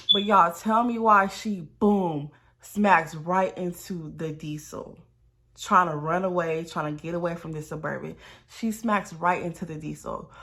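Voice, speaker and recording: Animated, swearing storytime vlogger woman. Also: mid-range voice. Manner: animated, profane, addresses viewers as y'all. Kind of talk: casual storytime.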